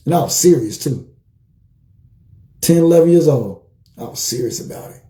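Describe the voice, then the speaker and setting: A man with a very dark, mellow voice that sits slightly high for a man. He talks as a life coach on a livestream, telling animated stories and repeating key phrases for emphasis. The room gives his voice a roomy echo. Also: moderate pace, pauses often. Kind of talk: motivational livestream talk.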